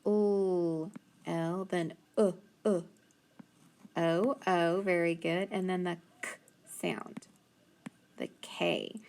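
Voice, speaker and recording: With a lowish voice and steady tone, a woman guides young children through phonics. She articulates letters slowly and clearly and praises them regularly.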